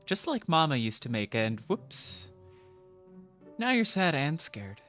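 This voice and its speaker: A woman's voice: low-pitched, very animated, slow pace, a bit bright, soft background music. A woman playing a video game and reading its text aloud, with playful, jokey, mock-dramatic asides.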